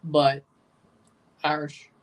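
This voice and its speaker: A man with a fairly high, monotone voice speaks very slowly and sits far from the mic. He's hosting a live watchalong stream, rambling through casual reaction chat, often repeating himself and chuckling.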